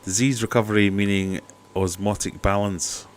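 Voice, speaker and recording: Chatty low-voiced man hosting a livestream. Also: steady tone, moderate pace, slight background noise. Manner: chatty, skeptical, jokey asides. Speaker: aquarium channel host. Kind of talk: casual livestream chat. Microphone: cheap desk mic.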